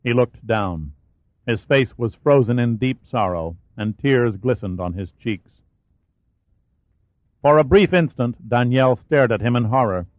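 A man narrating a thriller audiobook in a steady, dramatic storytelling voice. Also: medium pitch, measured pace, dry recording. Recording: dry, tinny phone-like sound.

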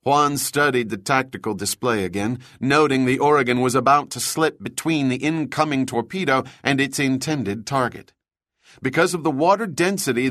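Male narrator, steady measured reading, mid pitch, dry close-miked sound. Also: no room sound. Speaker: audiobook narrator. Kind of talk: scripted narration.

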